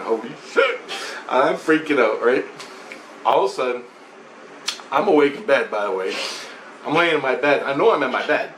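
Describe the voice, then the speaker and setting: A man retelling a spiritual vision in casual, rambling storytelling, swearing often and restarting his sentences. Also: mid-range voice. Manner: rambling, profane, many restarts and repetitions. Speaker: vlogger. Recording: roomy echo, faint background noise.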